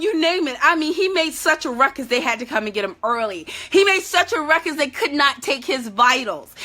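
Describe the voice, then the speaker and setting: In a high, bright, forceful voice, a parent support vlogger speaks to camera with candor and emotion, addressing other parents. Her heartfelt talk turns tearful at times.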